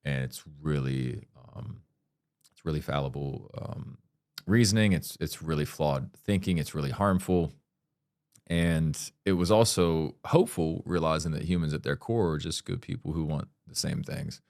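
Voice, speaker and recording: A man's voice: rumbling low, normal speed, creaky, a little mellow, no echo, clean studio sound. A man speaking as a podcast guest in a casual interview, blunt and candid, swearing freely and talking with earnest emphasis.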